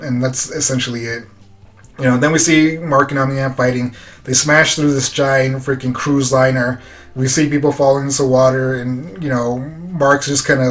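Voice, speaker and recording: A man giving a casual recap of a show episode, retelling scenes loosely with lots of fillers and quoted dialogue. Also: medium pitch. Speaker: reviewer.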